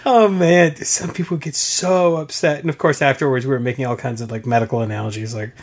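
A man co-hosting a podcast in casual chat, quick with jokes and laughing often. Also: mid-range voice, steady tone. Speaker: podcast co-host.

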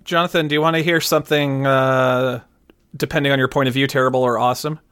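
A man's voice: mid-range voice, fairly even intonation, fast, fairly bright tone, slight background noise. A man hosting a podcast in casual chat, eager and playful.

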